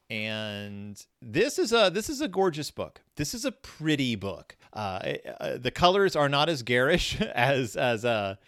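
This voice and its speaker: A man hosts a casual book-review chat, rambling along with lots of "uh"s and self-corrections. His pitch moves up and down in lively fashion, and he sits close to a dry-sounding mic. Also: dry recording. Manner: chatty, rambling, many fillers and restarts. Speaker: podcast host reviewing children's books.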